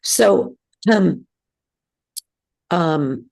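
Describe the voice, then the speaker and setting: A woman teaching a synagogue class, speaking hesitantly with many ums and pauses. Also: on the low side, animated, creaky, darkish tone. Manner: hesitant, many ums, sings trope examples. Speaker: bar mitzvah trope teacher. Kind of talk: classroom lesson.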